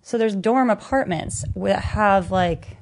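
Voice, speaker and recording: A young woman in her twenties, chatting casually as she tells an animated story and lifts her pitch when she quotes herself. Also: takes it slowly, vocal fry. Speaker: guest storyteller. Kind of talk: casual chat.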